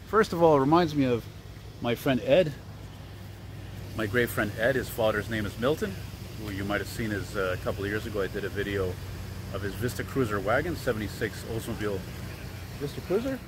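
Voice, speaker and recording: This Canadian vlogger has a lowish, animated voice and talks fairly quickly. He wanders a city street with a handheld camera, rambling and digressing with plenty of fillers over a light traffic hum.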